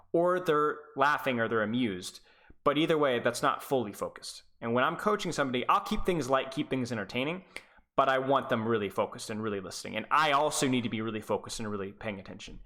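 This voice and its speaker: A man chats casually on a live stream as an esports coach. His voice is bright and forward, and he rambles, stutters and restarts his sentences as he goes. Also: medium pitch.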